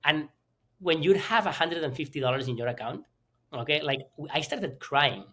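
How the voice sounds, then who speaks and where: Husky man telling a story. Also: a little high, moderate pace. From Spain. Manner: animated storytelling with restarts and fillers. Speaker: entrepreneur guest. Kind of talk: storytelling in an interview.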